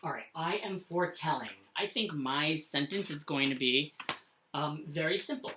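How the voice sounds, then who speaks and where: A woman teaching punctuation to young children in a slow, sing-song voice, often checking in with "okay?". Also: low voice, bright, forceful tone, slight background noise. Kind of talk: classroom lesson for children.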